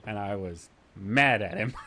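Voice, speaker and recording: A man with a low voice chats casually with his stream audience. He rambles from one point to the next and breaks into laughter often. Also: slow pace, bright, forceful tone. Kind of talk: casual chat with stream viewers.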